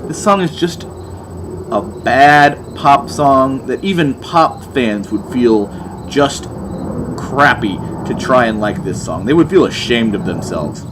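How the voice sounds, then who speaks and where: A man's voice: medium pitch, expressive, slow pace, background noise. A young man giving a sarcastic, exasperated album review, mocking as he goes.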